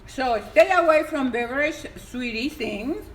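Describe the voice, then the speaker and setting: A woman's voice: high voice, animated, a little slow. Exuberant woman giving health advice. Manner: emphatic and exuberant, pleading at times. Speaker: health coach. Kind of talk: casual live-stream advice. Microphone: phone on a live stream. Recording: echoey room with faint background noise.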